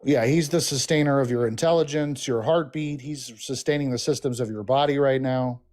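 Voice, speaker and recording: A man's voice: medium pitch, fairly even intonation, fairly quick, a little mellow. A man calling into a debate stream, confident and argumentative as he explains his view. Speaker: caller. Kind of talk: casual debate.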